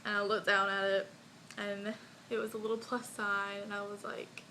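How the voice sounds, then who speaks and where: Young woman, vlogger, casual storytelling, bright tone, lots of fillers, faint background noise. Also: medium pitch, flat delivery, moderate pace, low-quality recording. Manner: chatty, lots of likes and ums, laughs along.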